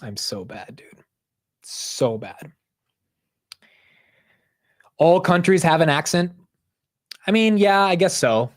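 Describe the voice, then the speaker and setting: A young man hosting a stock market livestream, talking casually in a rambling, animated way and saying "bro" and "dude" a lot. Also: high voice, takes it slowly, long pauses.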